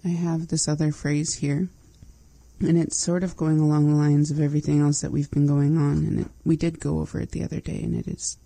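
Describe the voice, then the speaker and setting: A woman with a low, husky voice practices phrases in a language lesson. She speaks slowly and tentatively, with a dark tone in a dry, close recording. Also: little pitch movement, dry recording, poor audio. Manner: tentative, tries phrases after the teacher. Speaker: language learner.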